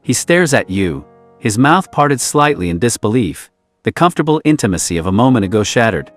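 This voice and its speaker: A man reading a romance role-play story aloud in a soft, intimate storytelling manner. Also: medium pitch, big pitch swings, brisk, faint music behind. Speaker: narrator.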